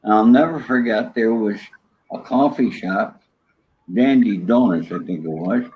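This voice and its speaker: A man's voice: fairly low pitch, a little slow. Older man telling a story, dull audio. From New York. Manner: animated, acts out quoted dialogue. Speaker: interview guest. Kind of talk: casual storytelling.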